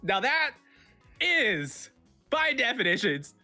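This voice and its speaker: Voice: medium pitch, sing-song, slow pace, pushed and bright, faint music behind. A streaming talk show host explaining personal definitions in a playful, opinionated way. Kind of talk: casual streamed chat.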